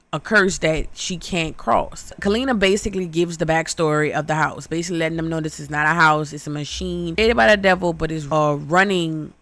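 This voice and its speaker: A woman's voice: lowish voice, dry recording. A young adult woman casually recapping a horror movie for laughs, swearing constantly and acting out the characters with big voices. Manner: profane, animated, acts out characters with exaggerated voices.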